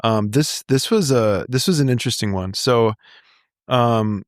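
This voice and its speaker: A man co-hosting a podcast in casual chat, relaxed, giving short reactions and chuckling. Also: medium pitch, a little slow, dry recording, studio quality. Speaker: podcast co-host, business owner.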